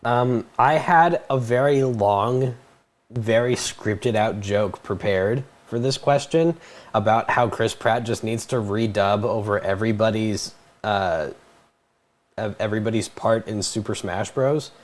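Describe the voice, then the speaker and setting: A man's voice: on the low side, a little slow. A young man hosting a casual livestream at a desk mic, jokingly reading out viewer questions and answering them. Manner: playful, jokey, reads viewer questions aloud. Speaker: stream host.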